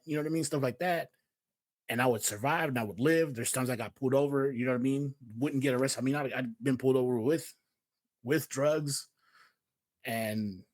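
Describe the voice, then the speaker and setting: Here a Houston-born host with a medium-pitched voice gives a casual Bible talk, keeping it conversational and slangy. He leans on "man," "yo," and "you know what I mean," and the recording has no room sound.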